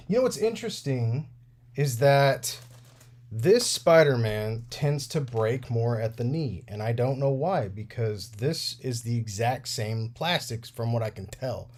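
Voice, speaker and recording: A man with a medium-pitched, darkish voice hosts a toy repair livestream. While working on action figures, he chats casually, rambles, and laughs often; he's in his thirties.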